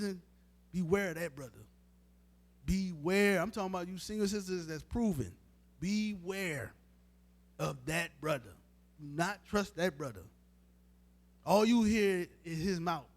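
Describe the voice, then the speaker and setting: A man preaching a sermon in a casual, emphatic way, speaking straight to his listeners. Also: high-pitched. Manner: informal, emphatic, talks straight to the crowd. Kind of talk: street-style sermon teaching.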